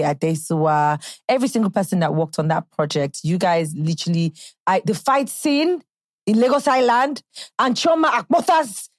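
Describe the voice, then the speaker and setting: A young Nigerian woman hosting a podcast in a chatty, animated way, now and then slipping into British slang. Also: on the low side, no room sound, clean studio sound. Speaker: podcast host. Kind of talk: casual solo podcast chat.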